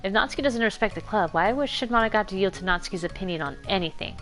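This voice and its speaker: A woman's voice: medium pitch, lively intonation, racing, hardly any pauses, fairly bright tone, faint music behind. A woman reading a fan story aloud, narrating casually with asides. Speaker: reader.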